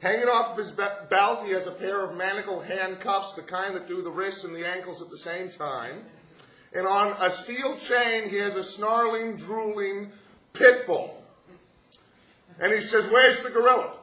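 Man, high voice, bright tone, live comic storytelling, deadpan detail, roomy echo. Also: measured pace. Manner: chatty, builds up the joke with deadpan detail.

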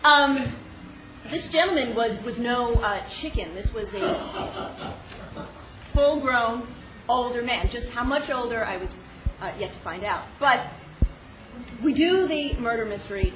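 A woman recounts a personal story with an animated, self-mocking delivery, laughing often and filling pauses with "um". Her voice sits fairly high. The recording is roomy and echoey, with steady noise behind her. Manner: animated, laughing, self-deprecating with many fillers. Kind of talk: personal story told on stage.

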